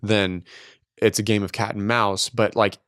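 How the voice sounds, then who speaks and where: A man's voice: fairly low pitch, flat delivery, unhurried, a bit bright, dry recording, clean studio sound. Blunt, profane podcast co-host man. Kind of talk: casual late-night chat.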